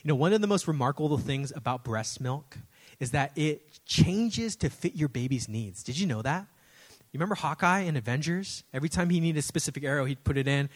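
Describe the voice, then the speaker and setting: A man in his thirties preaches, moving through stories about his kids with animated energy and an easy, folksy "y'all." His voice sits a bit higher than most men's. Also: fairly quick. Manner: animated storytelling, addresses audience as y'all. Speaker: pastor. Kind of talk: sermon.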